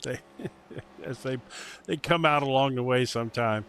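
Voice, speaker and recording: A man's voice: medium pitch, moderate pace, a bit bright, a little hiss or hum. A middle-aged man doing casual sim racing commentary, loose and rambling, laughing easily.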